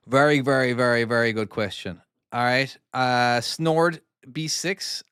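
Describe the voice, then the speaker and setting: A man's voice: mid-range voice, steady tone, measured pace, fairly bright tone, clean tone, dry recording, clean studio sound. A man, casually chatting on a live stream while playing his own trucking game and reading out viewer comments. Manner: chatty, easily distracted, reads comments aloud.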